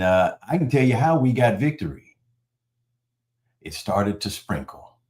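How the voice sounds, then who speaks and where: A man preaching a sermon in a conversational, animated storytelling manner. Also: on the low side. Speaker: pastor.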